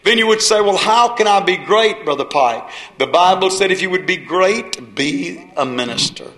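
High, bright preacher man. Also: animated, moderate pace. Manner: folksy storytelling, dramatic swings from shouted to hushed. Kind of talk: sermon. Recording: echoey room.

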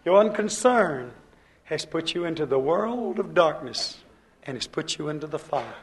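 Male pastor, fervent sermon delivery, slightly high voice, swings from loud urging to hushed pleading. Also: lively intonation, moderate pace. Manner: acts out quoted speakers in his own voice.

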